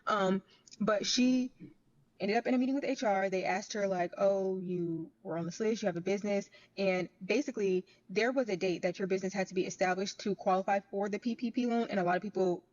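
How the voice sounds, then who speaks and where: A woman's voice: medium pitch, fairly quick, darkish tone. A woman who works in banking, telling a story to camera in a chatty way that repeats points for emphasis. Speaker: bank worker. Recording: dull lo-fi audio.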